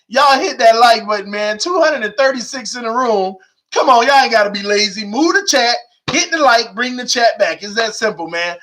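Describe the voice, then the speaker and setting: High, bright-voiced excited sports streamer. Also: male voice. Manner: animated, slangy, reads chat aloud, urges viewers. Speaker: live stream host. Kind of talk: casual live-stream sports talk.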